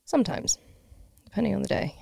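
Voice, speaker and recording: A woman's voice: medium pitch, big pitch swings, brisk, gravelly, mellow, breathy edge, dry recording, studio quality. A woman who teaches pottery, chatting casually as a podcast guest in a rambling, self-deprecating way with frequent laughs.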